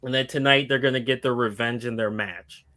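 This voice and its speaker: A man's voice: medium pitch, fairly even intonation, a little fast, pushed and bright. Guy rambling thru a wrestling recap, mid voice, lots of uhs. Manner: rambling, filler-heavy storytelling. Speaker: podcast co-host. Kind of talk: casual chat recapping a fantasy wrestling booking.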